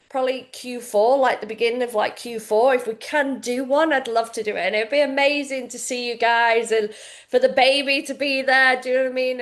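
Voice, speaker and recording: A woman's voice: a little high, a bit bright. A pregnant woman in her late thirties, a fitness coach talking frankly and casually to her community, swearing freely. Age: late 30s. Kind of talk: casual heartfelt talk to members.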